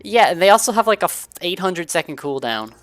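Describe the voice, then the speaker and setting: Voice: medium pitch, very animated, fairly quick, a bit bright, dry recording, faint music behind. A streamer chatting casually with teammates while gaming, often asking questions and hesitating. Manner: asks lots of questions, hesitant.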